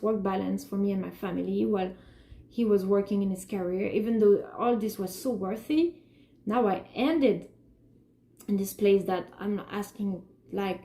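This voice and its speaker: A woman's voice: mid-range voice, vocal fry, mellow, reverberant. A woman giving an unscripted personal monologue about her artwork and her feelings, rambling and emotional, with many restarts. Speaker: artist talking about her work.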